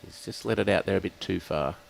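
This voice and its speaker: A man commentating live lawn bowls, calling each shot in a measured way and weighing up the players' options. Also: sits low, vocal fry, slight background noise, poor audio. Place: bowls club.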